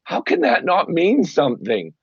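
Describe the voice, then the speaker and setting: Enthusiastic male guest, expressive and emphatic, on a dull lo-fi line. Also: normal speed, gravelly, breathy edge, dry recording. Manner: animated storyteller, acts out quotes with big pitch jumps. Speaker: guest, paid sports superfan. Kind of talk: casual interview talk.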